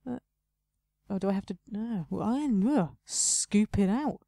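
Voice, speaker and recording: A woman's voice: medium pitch, lively intonation, measured pace, creaky, dark tone, slight background noise. A young woman casually commenting on her own gameplay, chatty and self-mocking, talking to herself as she plays. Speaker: let's play host.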